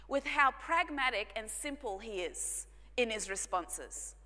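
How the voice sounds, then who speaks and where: A woman pastor, telling a personal story in a sermon, earnest and dropping to hushed tones for emphasis. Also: on the high side, lively intonation, a little slow. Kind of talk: sermon testimony. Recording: long hall reverb.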